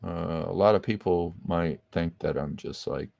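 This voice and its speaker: Low, gravelly and a little mellow, this man's voice moves a little slowly as he guests on a podcast in a casual interview chat about his music. He's relaxed, swears heavily and rambles with fillers, on a dry recording.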